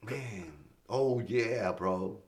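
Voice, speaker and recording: Speaking very slowly in a lowish voice, a middle-aged man, a stand-up comic, is a guest on a podcast interview. His stories are casual, with quoted voices acted out and plenty of free swearing.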